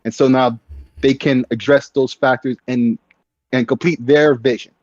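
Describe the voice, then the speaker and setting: A man's voice: mid-range voice, steady tone, moderate pace, a little mellow, dry recording. A man co-hosting a gaming podcast, giving his opinions at length and filling his talk with "you know". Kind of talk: casual gaming podcast chat. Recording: dull, dry mic.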